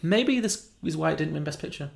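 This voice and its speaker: A man's voice: fairly high pitch, animated, brisk, creaky. A man co-hosting a film podcast, chatting casually and rambling with frequent self-corrections and chuckles. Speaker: podcast co-host.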